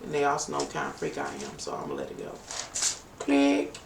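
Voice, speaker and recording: A woman's voice: a bass voice, big pitch swings, racing, vocal fry. A middle-aged woman, giving a playful, bawdy live-stream tarot reading and bantering with her viewers. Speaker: tarot reader. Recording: roomy, distant home mic with faint background hum.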